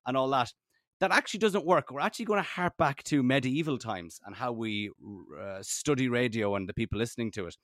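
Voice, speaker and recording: Male radio guest, animated joker, dry close sound. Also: mid-range voice, no room sound. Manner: animated storyteller, jokey. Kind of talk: casual podcast chat.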